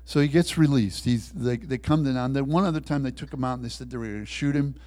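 A man with a medium-pitched voice preaches fast, telling a story and acting out its voices while swinging between loud bursts and hushed lines.

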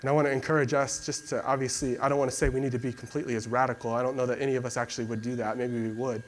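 A young man preaching in a loose, conversational way, often reaching for "like" as he talks. His pitch sits in a normal middle range. A faint hiss of noise runs under the recording. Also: flat delivery, very fast. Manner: conversational, many fillers like "like". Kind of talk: casual sermon and prayer.

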